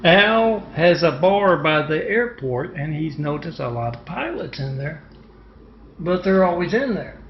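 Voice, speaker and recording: A man with a high, gravelly voice tells a meandering story, wandering from one loose thread to the next. The sound is echoey and dull, like a lo-fi recording in a bare room. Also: sing-song, unhurried, slight background noise. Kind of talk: rambling spoken story.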